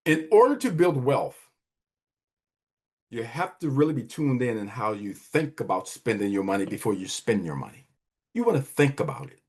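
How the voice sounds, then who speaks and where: At normal speed and medium pitch, a husky-voiced man swings widely in pitch as he talks. This middle-aged wealth advisor and podcast host offers emphatic, preachy money motivation, repeating phrases for effect.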